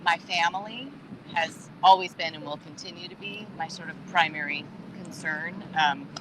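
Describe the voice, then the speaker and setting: Casting note: woman, low voice, emphatic, panel chat, video call from inside a moving RV. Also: moderate pace, noisy background. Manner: emphatic, laughing, with restarts. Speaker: actor on a panel.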